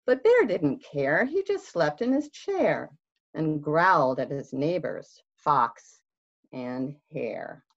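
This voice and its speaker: Lively, slow-reading children's librarian woman. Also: deep voice, gravelly. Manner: expressive, sing-song read-aloud. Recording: dull lo-fi recording.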